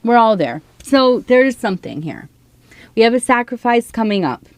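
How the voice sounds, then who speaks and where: A woman's voice: a little high, big pitch swings, moderate pace, dry recording. A woman doing a tea leaf reading for her viewers, talking in an earnest, heartfelt way. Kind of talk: casual spoken reading to viewers.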